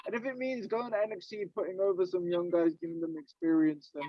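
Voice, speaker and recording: A man co-hosting a wrestling podcast, reacting quickly and swearing in casual chat. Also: sits high, steady tone, dry recording. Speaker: podcast co-host. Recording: dull, dry lo-fi audio.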